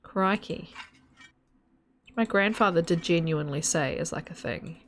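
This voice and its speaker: A woman's voice: deep voice, a little fast. A woman streaming a game, chatting in a rambling, giggly, casual way to her viewers and a friend. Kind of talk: casual live-stream chat while gaming.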